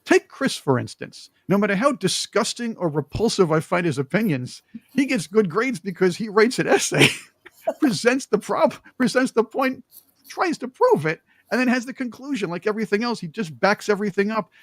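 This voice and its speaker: A male talk show host with a lively voice that leaps around in pitch and sits a touch high. He argues his points emphatically and cracks jokes between them. The sound is dry and close. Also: normal speed, no room sound. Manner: animated, joking, emphatic. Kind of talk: opinionated political talk.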